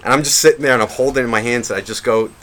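A man's voice: medium pitch, racing, slight background noise. A man co-hosting a podcast, telling a rambling story full of swearing. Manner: profane, rambling, animated retelling. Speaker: podcast co-host. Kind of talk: casual storytelling.

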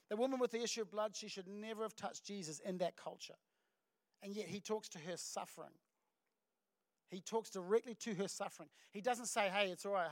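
Kiwi pastor guy preaching, fairly high voice, dry close sound, animated storyteller. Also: dry recording. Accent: New Zealand. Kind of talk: sermon. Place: church stage.

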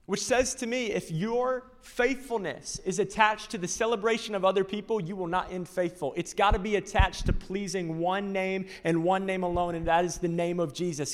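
A male pastor preaching a sermon, animated, acting out little scenes and quotes. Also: high voice, normal speed, few pauses. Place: large church auditorium. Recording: long reverb of a large church.

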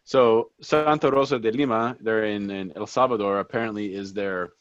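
A man whose first language is Portuguese, co-hosting a podcast and telling stories in a chatty, animated way with lots of restarts. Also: on the low side, moderate pace, dry recording. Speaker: podcast co-host. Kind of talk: casual chat. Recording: dull, dry lo-fi sound.

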